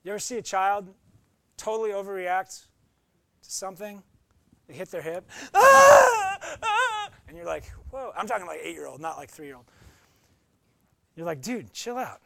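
A man's voice: sits high, normal speed, creaky, long pauses. A man preaching a conversational, emphatic sermon as pastor, acting out short quotes.

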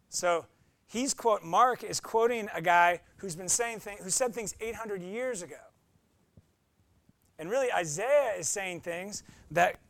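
High-voiced playful male pastor. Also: creaky, dry recording. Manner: playful, acts out voices and quotes. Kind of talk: sermon.

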